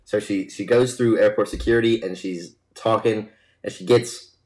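Low-voiced young man telling a rambling joke. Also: steady tone, moderate pace, darkish tone, rough recording. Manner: rambling, laughs at his own joke. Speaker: podcast co-host. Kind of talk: casual chat, joke telling.

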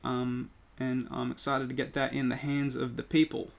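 A man's voice: medium pitch, monotone, normal speed, vocal fry. A young man co-hosting a podcast, joking and bantering playfully. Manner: jokey, playful banter with bits and asides. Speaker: podcast co-host. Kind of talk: casual podcast chat.

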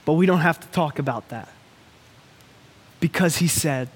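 A man preaching a sermon, earnest and pleading, with long dramatic pauses. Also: on the high side, a little hiss or hum. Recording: long reverb of a large hall.

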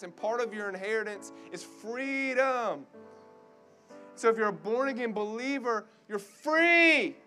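A young man with a high, bright-pitched voice delivers a sermon with urgent, repetitive fervor. Soft guitar music plays faintly underneath. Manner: urgent, repetitive, fervent preaching. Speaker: guest preacher. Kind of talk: sermon to college students.

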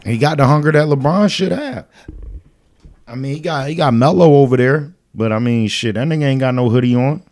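A man's voice: medium pitch, brisk, darkish tone. A man co-hosting a podcast in casual chat, blunt and profane, laughing often. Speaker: podcast co-host.

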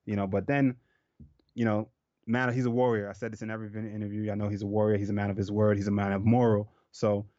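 Low-voiced laid-back fighter, dull lo-fi sound. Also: male voice, level tone, quick pace, dark tone, no room sound. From Jamaica. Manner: laid-back, loose, swears casually. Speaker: professional fighter. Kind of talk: casual interview chat.

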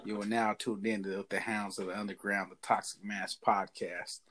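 A man's voice: lowish voice, level tone, normal speed, fairly bright tone. A man hosting a podcast, talking in laid-back, profane casual chat. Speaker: podcast host.

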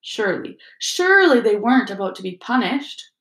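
A woman narrating a storybook in a steady, expressive reading voice, in a roomy echoing recording. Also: on the high side, moderate pace. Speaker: audiobook reader. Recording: roomy echo.

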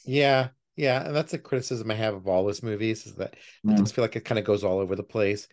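A man co-hosting a podcast, giving a thoughtful, measured critique in casual film talk. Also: on the low side, darkish tone. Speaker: podcast co-host.

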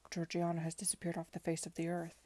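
A woman reading the part of a stern, worried gentleman who speaks curtly and gives orders. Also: lowish voice, completely flat delivery, quick pace, close to an everyday voice.

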